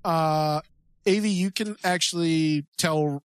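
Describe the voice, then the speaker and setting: A man game master with a slightly high voice, patiently talking players through the rules of a tabletop game. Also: slow pace, a little hiss or hum.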